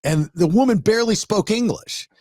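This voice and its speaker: A man chatting on a podcast, talking with a slightly high pitch and a very lively, animated tone. He tells stories in a rambling way, full of restarts. The room is very dry. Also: normal speed, no echo. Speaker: podcast host. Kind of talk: casual chat.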